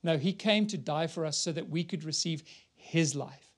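Male preacher, sermon, high voice, earnest, swells to emphatic peaks. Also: normal speed. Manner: earnest, builds to emphatic peaks, reads scripture aloud.

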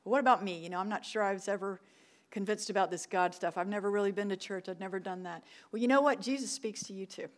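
A middle-aged woman who directs a church ministry delivers a sermon in a medium-pitched voice at a fast clip. She tells stories warmly and keeps repeating her main points for emphasis.

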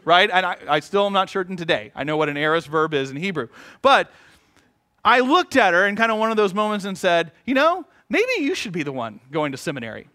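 A man's voice: high voice, very animated, a little fast, sharp tone. A middle-aged man preaching as a pastor, telling a personal story with humorous asides and acted-out quotes. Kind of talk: sermon.

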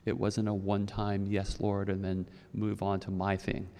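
A man preaches in a loose, storytelling way, doubling back on his words and filling pauses as he goes. His voice sits low and carries a gravelly fry. The sound rings out with the long reverb of a church hall. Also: monotone, dark tone. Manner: storytelling, rambling with many restarts. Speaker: pastor. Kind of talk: conversational sermon. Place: church sanctuary.

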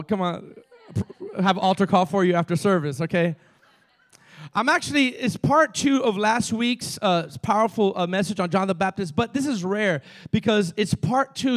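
Cuban-accented pastor, high male voice, lively call-and-response sermon in a church. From Cuba. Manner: energetic call-and-response preaching. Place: church sanctuary.

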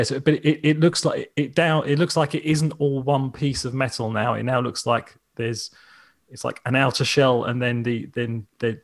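An English man co-hosting a podcast in casual chat, rambling along with many restarts. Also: mid-range voice. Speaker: podcast co-host.

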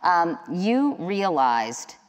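Middle-aged woman interviewer, low voice, wry and conversational, hall reverb. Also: big pitch swings, extremely slow. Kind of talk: onstage interview. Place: large hall with audience.

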